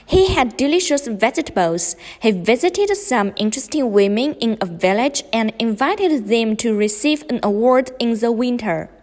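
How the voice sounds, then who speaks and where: A woman reads a practice paragraph aloud, careful and deliberate. Her voice is somewhat high. A long reverb trails after her words. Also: animated, darkish tone.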